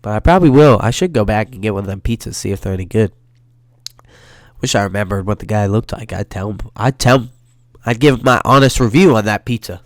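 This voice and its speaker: A young man with a stuffy nose ranting alone in his bedroom for a solo podcast, swearing and flaring into loud outbursts. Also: fairly low pitch, expressive, fast, dry recording, studio quality. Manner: profane, heated ranting with sudden loud outbursts. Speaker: podcast host.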